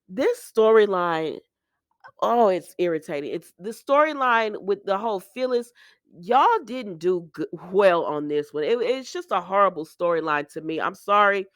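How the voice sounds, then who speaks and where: A woman's voice: mid-range voice, dry recording, clean studio sound. A woman giving a casual, chatty recap, acting out quoted dialogue with her own asides. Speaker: soap opera recap host.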